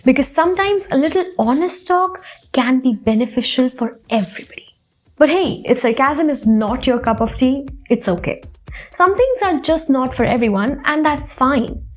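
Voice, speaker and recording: A woman's voice: high voice, lively intonation, normal speed, soft background music. A woman narrating a scripted science explainer in a playful, upbeat way with rising emphasis.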